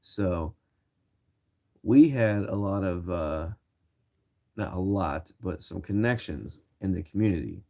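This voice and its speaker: A man's voice: deep voice, animated, takes it slowly, gravelly, long pauses, mellow, highs cut off. A man in his twenties telling a story to his viewers in a casual, slangy, rambling way with many restarts. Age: 20s. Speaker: vlogger.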